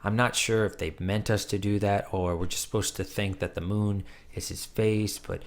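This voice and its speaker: A man's voice: fairly low pitch, fairly even intonation, moderate pace. A man casually reviewing a comic book, retelling the plot with enthusiastic, chatty energy.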